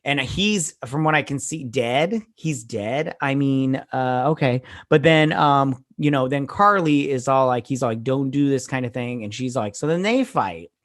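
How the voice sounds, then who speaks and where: Man, casual show recap, rambling, filler-heavy, blunt, mid-pitched voice. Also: a little slow, hardly any pauses, a bit bright. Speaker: show host reviewing a TV episode. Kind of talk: casual episode recap and review.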